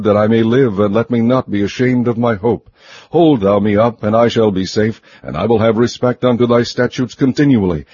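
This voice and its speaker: A man reading scripture aloud in a measured, even, solemn recitation. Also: on the low side, husky, no echo. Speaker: scripture reader. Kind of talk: steady scripted Bible reading. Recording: muffled lo-fi recording.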